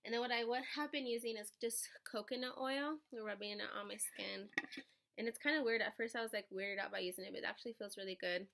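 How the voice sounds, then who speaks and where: A woman's voice: a little high, steady tone, fast talker, creaky, fairly bright tone. A young woman vlogging casually about her pregnancy, chatty and rambling, often laughing. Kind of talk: casual pregnancy update vlog.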